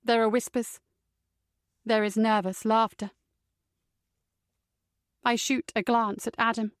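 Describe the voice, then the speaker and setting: A woman reading a first-person psychological thriller audiobook in a measured, steady way, close to the mic. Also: on the high side, dry recording. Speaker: audiobook narrator.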